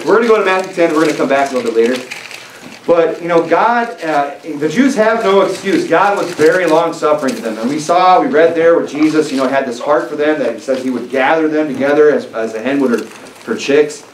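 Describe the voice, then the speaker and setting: A man's voice: on the high side, expressive, fairly quick, distant mic. A man preaching a sermon in a church and reading scripture aloud, speaking emphatically with frequent fillers and restarts. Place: church sanctuary. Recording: echoey church recording from afar, faint noise.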